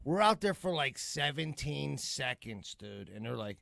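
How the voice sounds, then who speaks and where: A man in his thirties with a Pittsburgh accent, co-hosting a podcast and telling profane, animated stories. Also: mid-range voice, a little slow, creaky, dry recording, studio quality. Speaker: podcast co-host. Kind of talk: casual chat.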